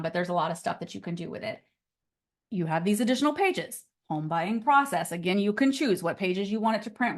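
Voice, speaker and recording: A woman teaching a casual live online class on real estate, chatty and upbeat and often laughing, on a computer mic over a video call. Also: mid-range voice.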